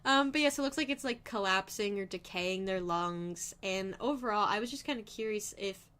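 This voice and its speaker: A woman's voice: mid-range voice, normal speed, a bit bright. A woman co-hosting a livestream, chatting casually and analytically about a show, with easy laughs. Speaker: stream co-host. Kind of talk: casual reaction chat.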